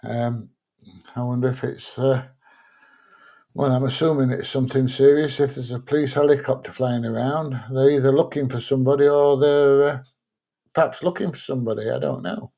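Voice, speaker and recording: A middle-aged man hosts a live stream in a relaxed, chatty way, musing aloud between viewer comments. His voice is mellow and warm, pitched in an ordinary middle range. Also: normal speed, gravelly. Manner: chatty, laid-back, thinks aloud with fillers. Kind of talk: casual chat reading viewer comments.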